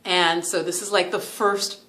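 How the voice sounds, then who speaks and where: Speaking unhurriedly in a lowish voice, this yoga and meditation vlogger from New York chats her way through a story for the camera. She's animated, laughs a lot, and leans heavily on "like" as filler.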